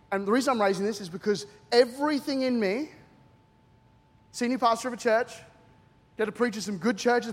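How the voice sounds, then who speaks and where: A high-pitched middle-aged Australian man preaching in a long-echoing church hall. He tells funny stories, acting out the voices in them with animated energy. His humour is quick and joking. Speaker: guest pastor. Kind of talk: humorous sermon storytelling. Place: church auditorium with a live congregation.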